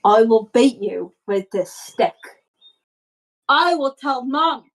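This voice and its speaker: A woman's voice: on the high side, lively intonation, takes it slowly, low-quality recording. Woman voicing the littlest kid, prim and bossy, scolding her brother. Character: youngest child, prim and sharp-tongued.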